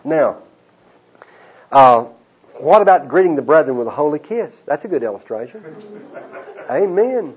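A man's voice: a little high, sing-song, normal speed, long pauses, breathy edge. A man preaching a sermon as pastor, folksy and joking, mixing stories with teaching. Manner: folksy, joking asides with laughter. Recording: dull lo-fi sermon recording.

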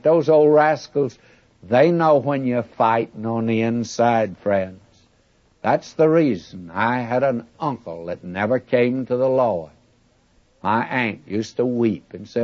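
A man preaching a folksy, conversational Bible sermon with friendly asides to the listeners. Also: mid-range voice. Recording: muffled older recording.

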